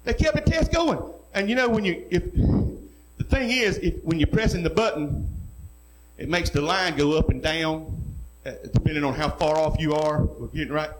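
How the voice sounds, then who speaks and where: A middle-aged man, a pastor preaching a sermon who tells folksy stories and builds to loud, rising preaching. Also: a little high, moderate pace, low-quality recording.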